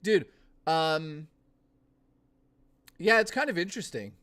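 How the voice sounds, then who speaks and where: A young adult man chatting casually on a live stream, ranting with lots of swearing and quick laughs. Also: a little high, lively intonation, fairly bright tone. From Canada.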